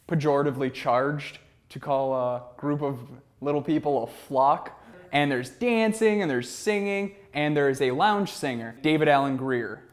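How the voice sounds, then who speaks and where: A young man in his twenties hosting a comedic film review, talking in a sarcastic, incredulous way. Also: on the high side. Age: 20s.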